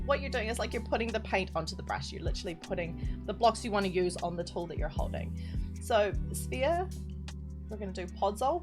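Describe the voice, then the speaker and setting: Casting: giggly Kiwi woman, mid-pitched, live-streaming to chat, music bed underneath. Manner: chatty, giggly, reads chat messages aloud. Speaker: streamer teaching map building.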